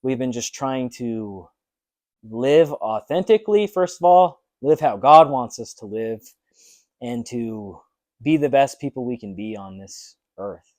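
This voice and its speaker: A man's voice: mid-range voice, a little mellow, no echo, studio quality. A young man talking earnestly in a personal fitness vlog, motivational and full of ums. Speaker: fitness vlogger.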